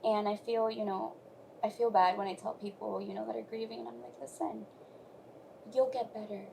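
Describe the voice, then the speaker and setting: Gravelly-voiced woman sharing her testimony. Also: medium pitch, little pitch movement, brisk, background noise. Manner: soft, reflective, rising into emotional emphasis. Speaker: guest. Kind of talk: personal testimony in conversation.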